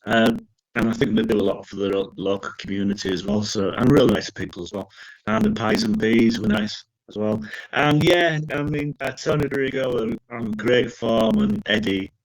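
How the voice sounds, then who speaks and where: A man's voice: mid-range voice, big pitch swings, moderate pace, creaky, rough recording. A man chatting casually about football as a podcast co-host, full of banter and the odd swear word.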